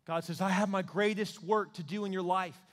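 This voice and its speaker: Pastor, male, high-ish voice, lively preaching style, acts out voices, long hall reverb. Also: moderate pace. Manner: animated preaching, acting out voices of God and people praying. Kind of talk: sermon.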